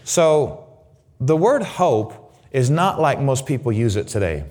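A man's voice: medium pitch, big pitch swings, slow pace, darkish tone. Middle-aged guy preaching, voice jumps all over, repeats himself, acts out praise lines. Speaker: guest pastor. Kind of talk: sermon.

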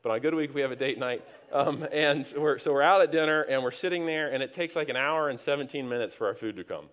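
A middle-aged pastor delivers a sermon at a quick pace in a medium-pitched voice. He tells stories conversationally, restarting often and building to emphatic points, and the recording sounds slightly dull and lo-fi.

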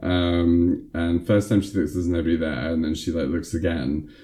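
A man's voice: low voice, little pitch movement, normal speed, warm tone. A man casually recapping a film, rambling with lots of fillers.

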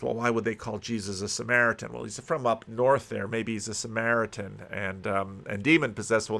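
A man's voice: medium pitch, fairly bright tone. A man teaching through a Bible passage in a conversational video commentary, musing aloud and landing emphatic punches.

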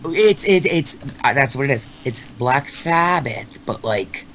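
An animated man co-hosting a music podcast, joking and trailing off mid-sentence. His pitch is ordinary, and a faint hiss of noise sits under the recording. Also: unhurried. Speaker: podcast co-host. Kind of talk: casual chat about rock music.

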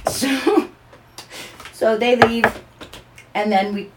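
A woman's voice: a little high, extremely slow, heavy background noise. An older woman, a grandmother, telling a family story in casual chat and acting out the voices. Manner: animated, acts out voices in her stories.

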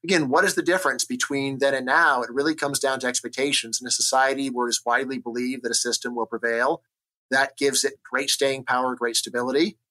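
A man from the United States, an economist, explaining ideas in an energetic, argumentative interview style, often checking in with "right?". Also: medium pitch, brisk. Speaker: economist guest. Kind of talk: conversational interview.

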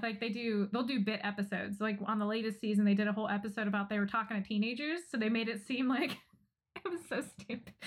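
A woman co-hosting a podcast in casual chat, retelling favorite jokes, laughing often and acting out quoted lines in quick bursts. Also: a little high. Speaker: podcast co-host.

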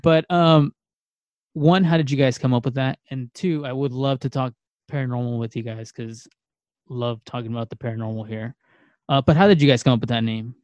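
A man's voice: medium pitch, steady tone, fairly quick, darkish tone, no echo, dull audio. A man co-hosting a podcast, easygoing and filler-heavy, laughing between his questions. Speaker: podcast co-host. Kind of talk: casual podcast interview.

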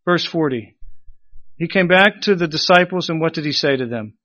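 A man delivers a sermon in a bright, forceful voice that rises on key phrases and sinks low at their close. The sound is dry and a little dull, like a lo-fi recording. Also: expressive, normal speed, no room sound. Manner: emphatic preaching, swelling louder on key phrases and dropping low at ends. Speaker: pastor.

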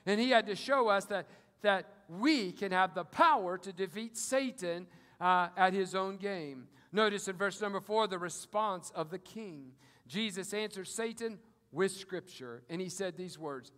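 Booming high-voiced preacher in a big hall. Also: male voice, a little slow. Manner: preaching with big swings in loudness, booming on scripture. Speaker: pastor. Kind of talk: sermon. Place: auditorium. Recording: long hall reverb.

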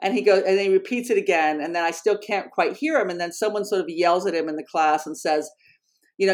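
A woman educator speaking in an interview, earnest and animated, often correcting herself mid-sentence. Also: lowish voice, brisk. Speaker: educator and program founder. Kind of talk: conversational interview storytelling.

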